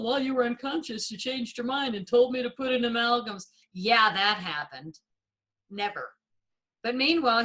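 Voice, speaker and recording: Bright-voiced woman telling animated stories. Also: fairly high pitch, low-quality recording. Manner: expressive, acts out her own quoted reactions. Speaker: interview guest. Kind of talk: animated storytelling in an interview.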